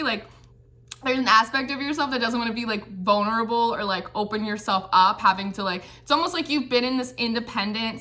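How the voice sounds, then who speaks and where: Bright-voiced lady doing a tarot read, chatty, says like a lot, kinda high. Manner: chatty, says like constantly, giggly. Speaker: tarot reader. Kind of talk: casual tarot reading.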